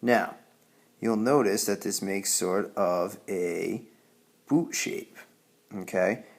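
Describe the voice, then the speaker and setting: A man's voice: low-pitched, takes it slowly, vocal fry. A man teaching a Spanish grammar lesson, patient and explaining step by step, often checking in with "okay?".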